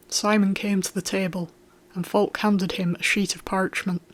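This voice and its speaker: A narrator reading a historical romance aloud at a steady, unhurried pace. The reading is clear and even, with middling pitch. It keeps a plain storytelling tone between the voiced lines. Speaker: audiobook narrator.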